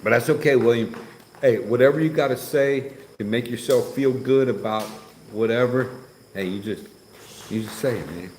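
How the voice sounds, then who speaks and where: A man's voice: medium pitch, normal speed, darkish tone. A man hosting a casual livestream, reading comments and joking around in a teasing, chatty way. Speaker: livestream host. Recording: echoey with faint background noise.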